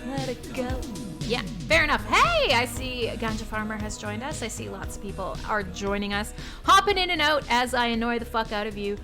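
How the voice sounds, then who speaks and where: A woman's voice: fairly high pitch, lively intonation, normal speed, music in the background. A young woman hosting a casual live stream, chatting with viewers and swearing as she goes. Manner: chatty, swearing, laughing, self-mocking. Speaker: live stream show host. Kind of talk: casual live-stream chat, reading chat messages.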